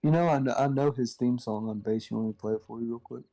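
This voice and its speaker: A man's voice: mid-range voice, quick pace, vocal fry, dark tone. A young man joking and telling funny stories in casual chat with friends. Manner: joking, laughing storyteller.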